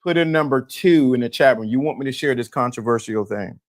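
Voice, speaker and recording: A man hosting a live-stream talk show, animated and laughing, repeating himself and talking to the chat. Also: mid-range voice, a little fast. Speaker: host.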